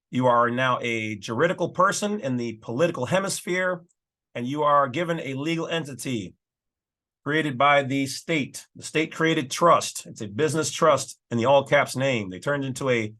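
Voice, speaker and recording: A man's voice: on the high side, pushed and bright. A man hosting his own channel, casually talking through and reading legal documents with folksy, emphatic asides. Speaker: channel host.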